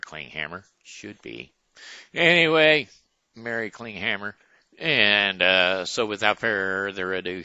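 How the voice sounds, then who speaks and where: A man hosts his own casual home video show, speaking in a folksy, animated way and stumbling over names, recorded at home near his front door. His voice is lowish and creaky, and the recording is dry and lo-fi.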